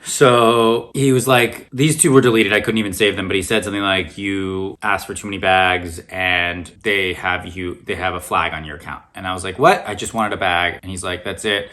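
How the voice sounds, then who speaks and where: A man telling a long shopping story in a rambling, animated storytime vlog, full of restarts and "like". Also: low voice. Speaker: fashion vlogger.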